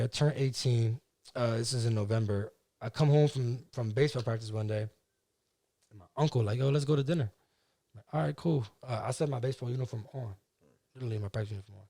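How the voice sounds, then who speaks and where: A young man from New Jersey with a New Jersey accent, telling his life story as a podcast guest in an animated, slangy way, full of "like" and "you know what I mean". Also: mid-range voice. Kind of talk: casual storytelling.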